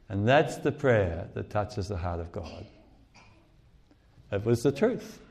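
A man's voice: medium pitch, animated, a little slow, darkish tone. Earnest male preacher in a sanctuary. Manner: earnest, acts out the cries of gospel figures. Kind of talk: sermon. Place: church sanctuary.

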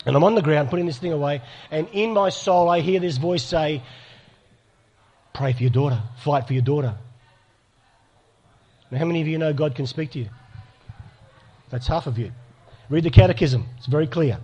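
Middle-aged aussie guy preaching to a crowd, earnest storyteller, kinda high voice. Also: fairly quick, darkish tone, husky. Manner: storytelling, earnest, with acted dialogue. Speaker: speaker. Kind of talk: sermon to a live audience.

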